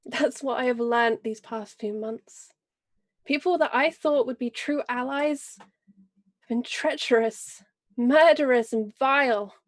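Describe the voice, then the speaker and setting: Brief: woman voicing a fierce noble lady and mother, higher-pitched, grave and measured, tabletop role-play. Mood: fierce, earnest. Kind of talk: in-character role-play speech.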